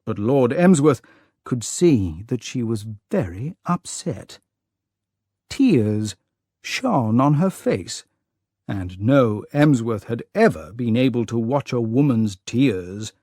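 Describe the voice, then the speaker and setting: Slow, expressive male storybook narrator. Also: medium pitch, no echo, studio quality. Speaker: audiobook narrator. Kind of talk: scripted narration for language learners.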